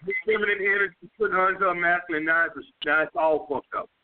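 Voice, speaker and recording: A man's voice: high voice, steady tone, quick pace. A man with a New York accent hosting a call-in dating advice show, blunt and profane, repeating his points. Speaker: dating coach host. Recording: phone-line call-in audio.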